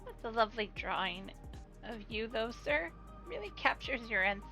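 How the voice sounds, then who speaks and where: A woman's voice: a little high, animated, normal speed, bright, forceful tone, faint music behind. A woman co-streaming a detective game who reads lines aloud in a giggly, playful way. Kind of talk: playing and reading a game aloud.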